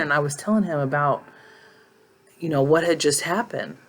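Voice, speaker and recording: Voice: mid-range voice, fairly quick. A vlogger telling a personal story in a casual, emphatic way, often repeating words for stress, recorded on a handheld phone.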